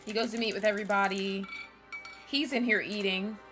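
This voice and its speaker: Chatty bright-voiced woman streamer. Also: medium pitch, brisk, faint music behind. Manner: chatty, giggly, loose, swears casually. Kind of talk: casual let's-play recap.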